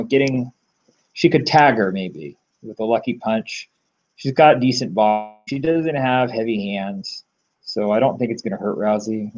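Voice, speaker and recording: Male tipster, lowish voice, rambling casual delivery with fillers and blunt asides, lo-fi muffled recording. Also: darkish tone. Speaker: MMA betting tipster. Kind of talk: casual solo commentary.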